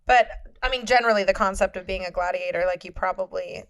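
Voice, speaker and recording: A woman's voice: medium pitch, fast. A young woman co-hosting a podcast, chatting casually and laughing easily. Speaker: podcast co-host. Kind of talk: casual chat.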